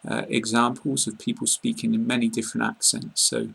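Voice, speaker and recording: A man with a southern English received-pronunciation accent, explaining pronunciation in an online lesson, calm and plain, pausing often with fillers. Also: medium pitch, vocal fry, breathy edge. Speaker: English teacher.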